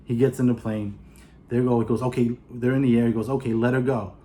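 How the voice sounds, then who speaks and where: A man's voice: mid-range voice, fast talker, a little hiss or hum. A man with a New York accent casually retelling a movie plot, acting out the characters' lines. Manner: animated, acts out characters' lines. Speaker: movie reviewer.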